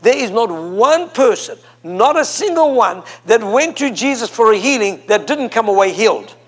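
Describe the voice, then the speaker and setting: Man preaching, very high voice, emphatic, repeats phrases, call and response with congregation. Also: big pitch swings, normal speed. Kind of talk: sermon. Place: church before a congregation.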